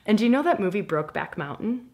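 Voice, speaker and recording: On a podcast, a woman with a mid-range voice talks fast while sharing a candid personal story. She's animated and self-mocking, swearing every so often.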